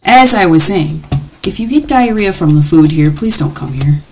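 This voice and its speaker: A woman's voice: sits low, expressive, moderate pace, a little mellow, a little hiss or hum. A woman giving playful, jittery commentary while playing a horror game. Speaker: gaming channel host. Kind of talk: let's play commentary.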